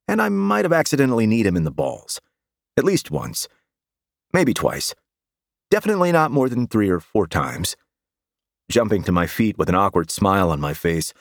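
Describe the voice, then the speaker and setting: Low, dry-voiced male audiobook narrator. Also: no room sound. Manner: wry, deadpan humor. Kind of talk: first-person scripted narration.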